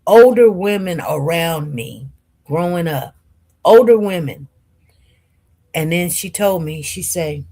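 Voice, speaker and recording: A woman in her forties on the witness stand, telling her personal story in animated, colloquial speech. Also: fairly low pitch, slow pace, pauses often. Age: 40s. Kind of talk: emotional personal testimony.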